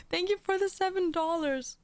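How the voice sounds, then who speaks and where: A woman's voice: very high-pitched, dry recording. A woman livestreamer chatting casually and playfully, laughing and thanking viewers for donations. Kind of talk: casual live-stream chat.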